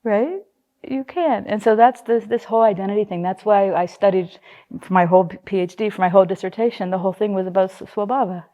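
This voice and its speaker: A woman's voice: medium pitch, a little fast, dark tone. A middle-aged woman teaching psychology in a casual way, telling personal stories, acting out the voices she quotes and laughing often.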